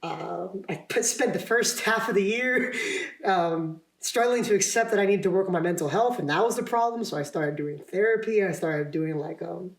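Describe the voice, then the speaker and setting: Barely pausing, a young adult actor speaks at normal speed in a high-pitched, creaky voice as a podcast guest. His casual talk is rambling and self-deprecating, full of laughs and restarted sentences, recorded with a roomy echo.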